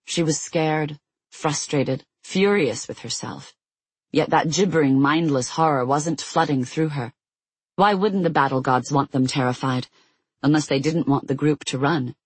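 An audiobook narrator reading a fantasy novel in a steady, measured storytelling voice on a close mic. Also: mid-range voice, slightly rough, no room sound, low-quality recording.

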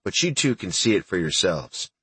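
A man reading as a gruff, profane old army sergeant in an audiobook. The voice is low and husky, and the recording is dry and close. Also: sing-song, normal speed, fairly bright tone, dry recording, exaggerated voice.

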